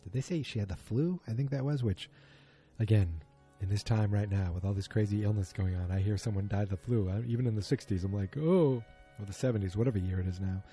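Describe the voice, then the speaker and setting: A man with a husky, very dark and mellow voice talks through a TV episode as a podcast host. He rambles casually, stops to correct himself and fills gaps with ums. Faint music sits behind him. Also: on the low side, fast. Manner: rambling, filler-heavy, self-correcting. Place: at home beside a muted streaming screen.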